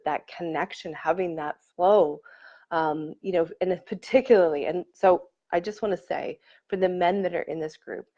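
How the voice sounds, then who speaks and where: Effusive woman coach on a dull stream. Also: on the low side. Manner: warm and effusive, reads and greets commenters. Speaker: coach leading a live online workshop. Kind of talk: casual live-stream talk to viewers. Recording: slightly dull lo-fi stream audio.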